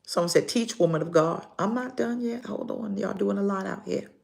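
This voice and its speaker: An older woman pastor preaching a live sermon, pausing dramatically and acting out her stories. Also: medium pitch, creaky. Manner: slow, preaching with dramatic pauses and acted-out stories.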